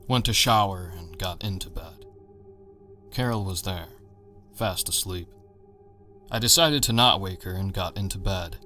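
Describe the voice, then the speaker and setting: A man narrating a horror story in a measured, tense manner. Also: low voice, sharp tone.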